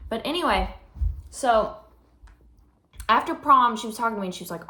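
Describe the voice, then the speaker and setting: A woman's voice: on the high side, very animated, brisk, bright, forceful tone, echoey room, slight background noise. A teenage girl vlogging casually in her room, telling a story with lots of fillers while she works on something. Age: teens. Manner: chatty storytelling with many fillers. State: slightly out of breath. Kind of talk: casual vlog chat.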